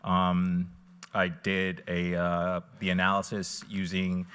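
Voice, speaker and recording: Analyst at the podium: deep, flat, crisp-toned voice, hesitant. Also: male voice, slow pace. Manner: hesitant, many fillers. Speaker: police data analyst presenting. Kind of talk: formal presentation to a council. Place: city commission chambers.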